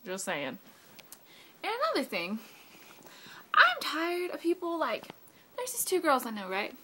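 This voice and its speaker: A woman's voice: sits high, wildly swooping pitch, unhurried, pushed and bright, a little hiss or hum. A teenage girl ranting sarcastically into her phone camera, swearing a lot and saying "like" constantly. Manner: sarcastic, profane, valley-girl filler "like". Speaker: vlogger. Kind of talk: ranting webcam vlog.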